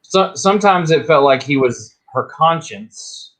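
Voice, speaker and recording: A man's voice: fairly high pitch, expressive, a little slow, fairly bright tone. A man in a casual group chat who talks through his theories in a loose, easy way.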